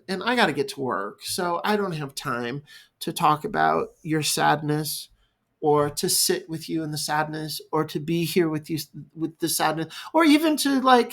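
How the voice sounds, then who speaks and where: A man voicing a harried, overwhelmed parent who brushes off a child's sadness in a hurried, exasperated way. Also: fairly high pitch, close to an everyday voice.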